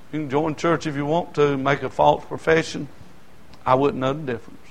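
A male pastor, preaching a sermon that swings from quiet talk to shouting, repeating his phrases. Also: a little high, poor audio.

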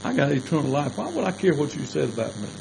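An older man preaching in a drawl, his voice sitting a little higher than most men's. He tells his sermon as a homespun story, plain and folksy. A faint electrical hum runs underneath. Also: big pitch swings, fast talker, creaky, darkish tone, low-quality recording.

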